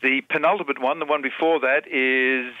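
A man's voice: medium pitch, steady tone, moderate pace, dry recording, highs cut off. A man, calling in as a science guest and explaining in a playful, pedantic, detail-heavy way. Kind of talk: casual explanatory chat.

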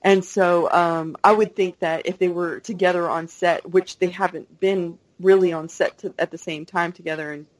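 A woman's voice: lowish voice, fairly even intonation, moderate pace, few pauses, poor audio. A woman co-hosting a casual fan podcast, rambling and hesitant with many ums. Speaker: podcast co-host.

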